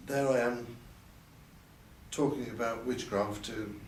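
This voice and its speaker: Taking it slowly in a steady, medium-pitched voice, an older man shares memories in a candid interview. He's hesitant, repeats words, and quotes others in a lifted voice. The event venue setting and distant mic give a roomy sound, faint ambience, and a little hiss or hum.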